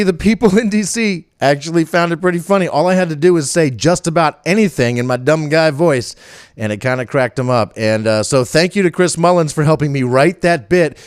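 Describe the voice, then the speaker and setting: A man's voice: medium pitch, clean tone, no echo, studio quality. An older man with a rural Virginia country accent, hosting a podcast in a rambling, casual chat with many fillers. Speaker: podcast host.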